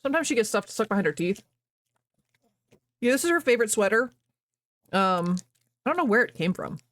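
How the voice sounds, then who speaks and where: Chatting with viewers on a live stream from her home office, a woman comes across bubbly, rambling, and self-deprecating. She speaks a little quickly in a fairly high, sing-song voice, captured in a dry recording.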